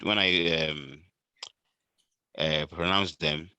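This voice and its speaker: A man taking an online pronunciation lesson, speaking hesitantly with pauses and apologies. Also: very deep voice, steady tone, bright, forceful tone, clear, resonant tone. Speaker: student.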